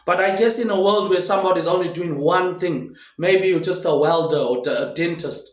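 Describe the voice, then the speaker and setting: A man's voice: high-pitched, normal speed. A man in a rambling, casual monologue, drifting between loosely connected thoughts and ending nearly every phrase with "mate, eh". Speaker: vlogger. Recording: roomy echo.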